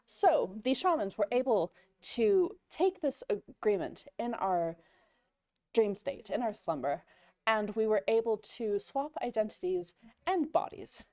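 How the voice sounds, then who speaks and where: A woman's voice: mid-range voice, sing-song, a little slow, darkish tone, no room sound. Woman telling a playful improvised tale. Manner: playful, rambling with fillers. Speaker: player. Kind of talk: improvised in-character storytelling.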